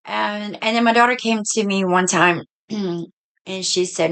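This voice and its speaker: A middle-aged woman with a Southern US accent, a bit hoarse, chatting in a folksy way through a casual haul video. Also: medium pitch, a little slow, fairly bright tone. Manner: chatty, folksy, says y'all. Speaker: vlogger.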